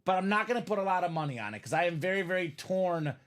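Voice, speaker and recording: Male, high-pitched, live stream host, casual chatter, reading viewer comments. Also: animated, fast talker, a bit bright.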